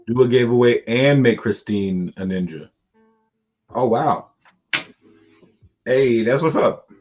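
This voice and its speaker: A man's voice: medium pitch, animated, slow pace, darkish tone, lo-fi sound, soft background music. A man co-hosting a casual livestream, laid-back and laughing often. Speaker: livestream co-host. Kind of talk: casual chat.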